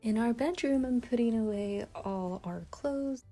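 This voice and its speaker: A woman's voice: a little high, a little slow, warm tone. A woman voicing a cheerful young doll mother, talking sweetly in a toy play video. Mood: content. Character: cheerful young doll mom, upbeat and doting.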